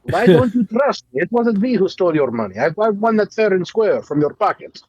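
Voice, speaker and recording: A man's voice: sits high, very animated, a little fast, a little mellow, breathy edge, dry recording, highs cut off, voice pushed up, full character voice. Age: adult. Sex: man. Figure: a man putting on a sly mock-Russian comrade. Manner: broken English, sly and wheedling.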